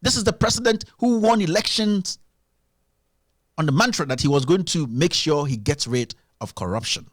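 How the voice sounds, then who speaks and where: A man delivers heated political commentary in a high, lively voice that swoops up and down. He hammers his points with emphatic repetition, recorded close and dry with no room sound. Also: normal speed, no echo. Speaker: live-stream show host.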